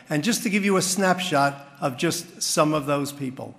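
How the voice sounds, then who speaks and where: A man's voice: on the high side, normal speed, gravelly, hardly any pauses, a bit bright. A man speaking at a community dinner, thanking people and telling a parable, recorded in a large hall at a podium mic. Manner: tells a parable with a punchline. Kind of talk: after-dinner speech.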